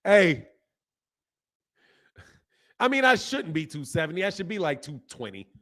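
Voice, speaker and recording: A man in his fifties hosting a boxing stream and talking straight back to his chat. He sounds fed up and animated, and his voice sits fairly high and swings a lot. The talk is loose and unscripted. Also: measured pace. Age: 50s. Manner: animated, exasperated ranting at chat. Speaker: boxing channel host. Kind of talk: live stream chat reading comments.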